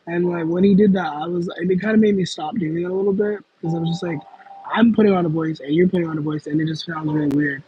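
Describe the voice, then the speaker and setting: Rambling young man, slightly husky. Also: on the high side, fairly even intonation, fast, lo-fi sound. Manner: rambling, self-aware, with frequent fillers and laughs. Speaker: livestream host. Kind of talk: casual livestream chat reading comments.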